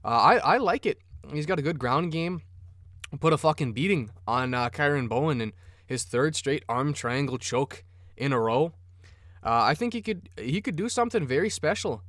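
A man's voice: a little high, expressive, moderate pace, a bit bright, no echo, studio quality. A man hosting a sports podcast, rambling casually and cursing freely. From Minnesota. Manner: profane, rambling, enthusiastic. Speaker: podcast host.

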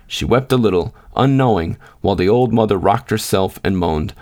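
Low-voiced man reading a story. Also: normal speed, darkish tone. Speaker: podcast host and reader. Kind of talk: scripted narration.

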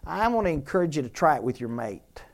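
A man's voice: fairly high pitch, very animated, fast. Man preaching in a repetitive, conversational way. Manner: conversational preaching, repeats phrases for emphasis. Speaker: pastor. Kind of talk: sermon.

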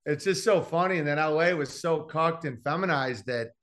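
Comedian guy rambling through stories, brash, voice kinda on the high side. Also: normal speed, fairly bright tone. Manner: brash, rambling storyteller with many fillers. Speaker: comedian guest. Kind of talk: casual podcast chat.

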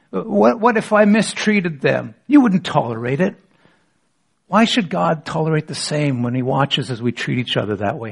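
A man's voice: fairly high pitch, creaky, breathy edge. A man preaching a sermon as pastor, asking rhetorical questions and leading the congregation in reading scripture aloud.

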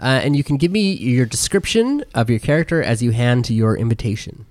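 A game master narrating a tabletop game, halting often with fillers. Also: mid-range voice, lively intonation, darkish tone, no echo.

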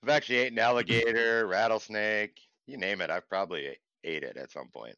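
A man's voice: on the low side, a little fast, pushed and bright, smooth, no room sound. A man from Minnesota co-hosting a podcast, chatting in an easygoing, folksy way. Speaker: podcast co-host. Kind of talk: casual chat. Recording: dull lo-fi sound.

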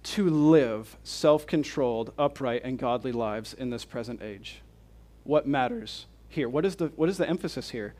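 A man's voice: mid-range voice, moderate pace, darkish tone. A man preaching a conference sermon, reading scripture and then explaining it with emphatic, repeated rhetorical questions. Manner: emphatic and repetitive.

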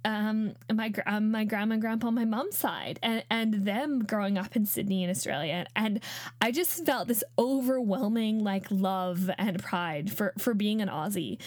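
A woman's voice: mid-range voice, moderate pace, darkish tone, no room sound, clean studio sound. A woman in her late twenties with a Canadian accent, telling a personal story as a podcast host in a heartfelt, chatty way full of fillers. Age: late 20s.

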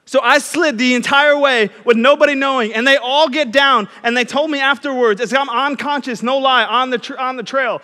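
A young man gives a chatty, self-deprecating sermon as a youth pastor, telling stories along the way. His voice sits high and bright. The sound echoes through a large hall. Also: steady tone, normal speed, few pauses.

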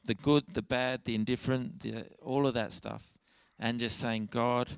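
A man's voice: mid-range voice, fairly even intonation, moderate pace, clean tone, dry recording. A man preaching a church sermon in an earnest, candid way, often restarting his phrases.

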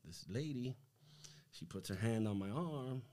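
Guy telling his testimony on a podcast, lots of slang, acts out the voices, middle pitch. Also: measured pace. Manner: animated, slangy, acts out quoted dialogue. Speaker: podcast guest. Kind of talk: casual testimony storytelling.

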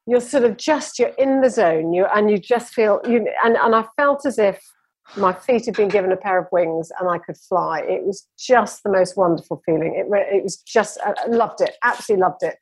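Enthusiastic woman, husky voice. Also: medium pitch, a little fast, no room sound. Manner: enthusiastic, rambling with restarts. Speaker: interview guest. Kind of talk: casual storytelling conversation.

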